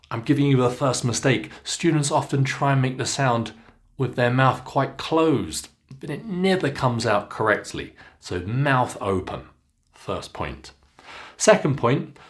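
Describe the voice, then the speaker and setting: A man with a British accent teaching pronunciation, speaking clearly and deliberately as he models each vowel sound for learners. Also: mid-range voice, a bit bright. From Britain. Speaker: pronunciation coach. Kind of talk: pronunciation lesson to camera.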